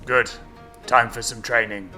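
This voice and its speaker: A man voicing a stern, commanding mentor in a low, grave tone. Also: level tone, unhurried, pushed and bright, faint music behind.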